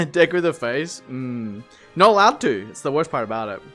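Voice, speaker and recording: A man chatting casually with his stream, telling stories in a lively, swear-heavy way. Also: medium pitch, normal speed, soft background music. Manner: animated storyteller, swears freely. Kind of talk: casual live-stream chat.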